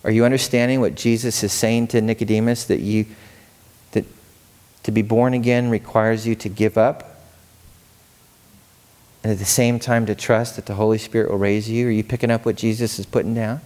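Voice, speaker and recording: A male pastor preaching a sermon, animated and storytelling, asking the congregation questions. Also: fairly low pitch, normal speed, pauses often.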